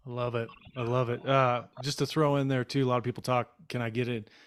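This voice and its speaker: A man co-hosting a financial podcast, chatting casually, then reading quotes slowly and signing off in an upbeat tone. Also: medium pitch, little pitch movement, clear, resonant tone. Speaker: podcast co-host. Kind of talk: casual podcast chat and scripted sign-off.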